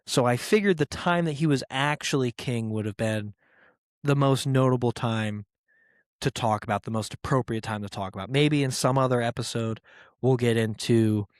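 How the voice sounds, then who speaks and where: A man's voice: medium pitch, moderate pace, no echo, clean studio sound. A man hosting a podcast in a casual monologue, rambling and joking, with plenty of swearing and filler words. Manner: irreverent and joking. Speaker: podcast host.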